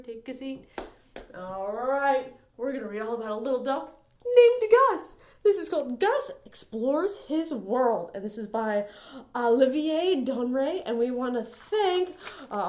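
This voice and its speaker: A woman's voice: high voice, sing-song, moderate pace, darkish tone, roomy sound, a little hiss or hum. A woman leading a children's story time as librarian, with a bubbly, sing-song, playful way of talking. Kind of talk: virtual story time for kids.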